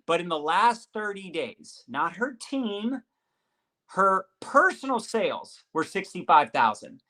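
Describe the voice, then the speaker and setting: A man's voice: high-pitched, sing-song, takes it slowly, sharp tone. A man hosting a live-streamed interview over a video call, talking in an upbeat, hyped-up motivational way. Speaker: host.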